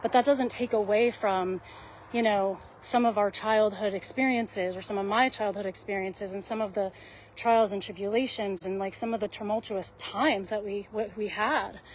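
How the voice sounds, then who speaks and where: A woman's voice: medium pitch, fairly even intonation, moderate pace, a little hiss or hum. A woman hosting a live video, talking earnestly to her viewers in a rambling, heartfelt way, full of fillers and restarts, close to tears at times. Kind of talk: heartfelt casual monologue to viewers.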